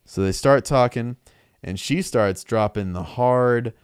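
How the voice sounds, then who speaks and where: A man casually recapping a comic book story as podcast co-host, animated, acting out quick quotes. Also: mid-range voice, clean tone, no room sound, studio quality. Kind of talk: casual chat.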